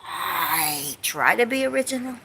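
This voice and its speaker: A woman's voice: on the low side, animated, a little slow, vocal fry, background noise. A woman vlogging from home in a rambling casual chat, sarcastic and swearing, jumping between topics and mocking people in put-on quotes. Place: home, on couch or bed.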